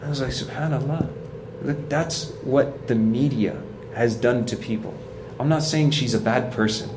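A man's voice: medium pitch, moderate pace, noisy background. A man giving a sermon in a conversational, earnest way, telling stories with acted quotes and repeating points for emphasis. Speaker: preacher.

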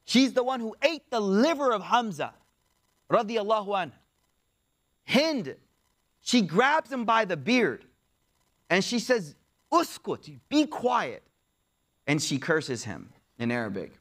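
Lively storytelling male preacher. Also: sits high, unhurried, pauses often. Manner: lively, acts out the quoted figures, uses casual slang. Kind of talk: storytelling sermon.

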